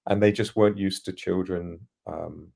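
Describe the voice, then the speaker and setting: A man's voice: deep voice, fairly even intonation, normal speed, gravelly, dark tone. A middle-aged man from East London who speaks with a trained, posh-sounding standard English accent, telling stories about his childhood in an articulate, reflective way as a podcast guest. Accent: standard English, trained by acting lessons. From England, East London. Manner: articulate, reflective, anecdotal, laughs now and then. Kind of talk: casual storytelling in an interview.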